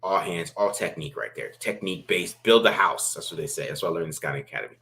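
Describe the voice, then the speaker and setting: A man's voice: sits low, fast talker, gravelly, bright, forceful tone. A man co-hosting a casual football film breakdown, rambling with restarts and asking "right?" after nearly every point. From from a Baltimore family. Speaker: football film analyst co-host.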